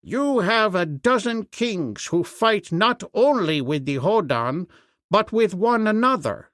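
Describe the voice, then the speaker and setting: A proud, fiery young warrior man with a lively, swinging delivery, as a male narrator reads him in a storybook. The voice sits a little high and unhurried, close and dry. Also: dry recording, heavily acted.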